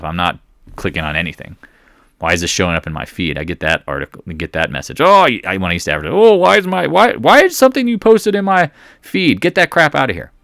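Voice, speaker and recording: Low-voiced excitable market commentator man. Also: dry recording, clean studio sound. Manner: excitable, jokey, rambling asides. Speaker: trading channel host.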